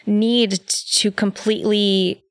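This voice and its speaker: A woman's voice: medium pitch, flat delivery, takes it slowly, dry recording, clean studio sound. A woman guest in casual conversation, chatty and laughing often as she tells her story. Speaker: podcast guest. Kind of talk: casual chat.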